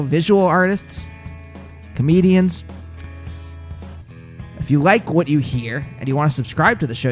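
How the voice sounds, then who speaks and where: A man hosting a podcast, chatting casually with hesitant restarts and self-deprecating asides. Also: on the high side. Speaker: podcast host. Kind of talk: casual interview chat.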